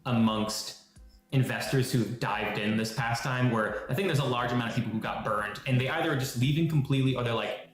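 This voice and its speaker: A man's voice: medium pitch, fairly quick, soft background music. A man co-hosting a morning show in casual chat, telling stories animatedly. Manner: animated storyteller, acts out quotes. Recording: very echoey room.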